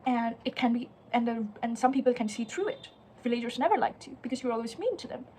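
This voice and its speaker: Woman, high voice, young adult, earnest poetry lecture, searching and restarting phrases. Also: expressive, quick pace, mellow, a little hiss or hum. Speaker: literature teacher.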